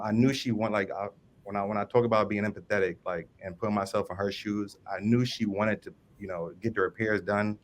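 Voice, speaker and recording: A man from New Orleans tells a story on a panel in a loose, halting way, full of ums and restarts. His voice sits low. A faint rumble runs under the recording. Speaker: service manager panelist.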